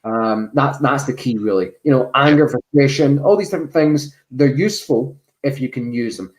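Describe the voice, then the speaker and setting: Male guest, measured and reflective, dry humour. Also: medium pitch. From Scotland. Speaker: podcast guest, jiu-jitsu black belt. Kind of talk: reflective casual chat.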